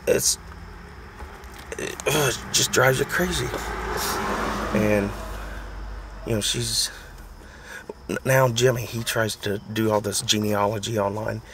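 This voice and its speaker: A man's voice: lowish voice, steady tone, slow pace, pauses often, fairly bright tone, slight background noise. An American man in his thirties, chatting casually and complaining in a rambling, mocking way. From United States. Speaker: vlogger. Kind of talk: casual chat.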